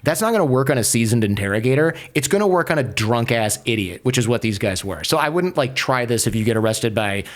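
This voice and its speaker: A man being interviewed, telling a story in a lively, casual way and peppering his speech with "like". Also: mid-range voice, quick pace, few pauses. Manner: animated, acts out quoted voices, many filler "like"s. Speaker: podcaster guest.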